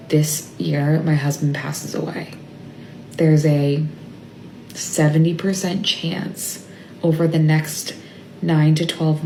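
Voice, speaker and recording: A tearful woman recording a personal video diary, talking haltingly and trailing off into near-whispers. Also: low-pitched, vocal fry, warm tone, reverberant, slight background noise, poor audio. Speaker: mother vlogging about family illness. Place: stepped away from her workplace. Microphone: phone.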